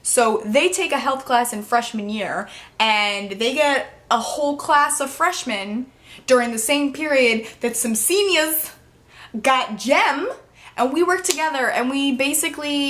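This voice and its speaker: A teenage girl chats straight to her camera in a relaxed vlog, her voice sitting a little high. She is bubbly and talkative, scattering filler words as she goes. At moments she sounds emotional and near tears. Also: unhurried. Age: teens. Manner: bubbly, chatty, full of "like" fillers. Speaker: vlogger. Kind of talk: casual vlog chat.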